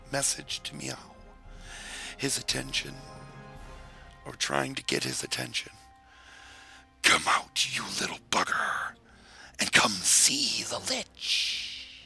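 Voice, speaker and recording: A man reading out a fantasy role-play story in an unhurried, theatrical way. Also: mid-range voice, vocal fry, pushed and bright.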